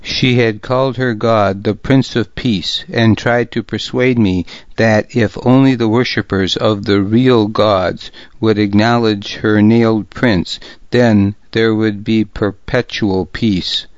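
A man reads a historical novel aloud in a slow, deliberate first-person narration. His voice sits a little low and sounds dry and close. The recording is slightly dull and muffled. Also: steady tone, no room sound. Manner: measured, deliberate, gravely serious reading. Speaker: audiobook narrator.

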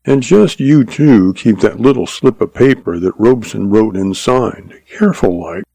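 A man voicing a gruff cowboy outlaw with a hoarse, croaking voice and clipped, threatening commands. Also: fairly low pitch, moderate pace, dark tone, no echo. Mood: easygoing.

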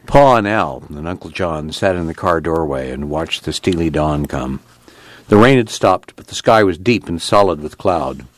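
Low-voiced man reading a novel. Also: expressive, normal speed, no room sound. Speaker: radio reading-service host and reader. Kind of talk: audiobook narration.

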